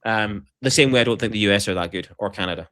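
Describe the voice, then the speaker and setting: Animated Scottish man joking on a podcast. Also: on the low side, fast. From Scotland. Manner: animated, joking, swears freely. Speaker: podcast co-host. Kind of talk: casual chat.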